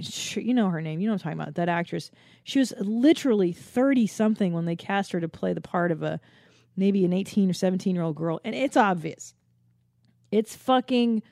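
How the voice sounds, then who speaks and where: A woman in her forties hosts a podcast and rambles through a comedic monologue, swearing freely and mocking herself. Her voice sounds mellow and warm. It was recorded close and dry, with no room sound. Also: medium pitch, no room sound. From Los Angeles area. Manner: rambling, profane, self-mocking. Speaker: podcast host.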